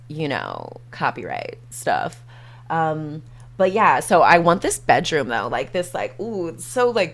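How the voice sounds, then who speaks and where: A woman streamer chatting casually and playfully, full of fillers and acted-out quotes while retelling a movie. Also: lowish voice.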